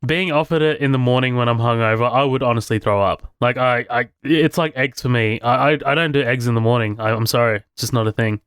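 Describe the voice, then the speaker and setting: A man's voice: medium pitch, a little fast, few pauses, a bit bright, clean tone, no echo, clean studio sound. A man co-hosting a podcast, chatting casually about a movie, swearing freely and laughing often. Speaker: podcast co-host.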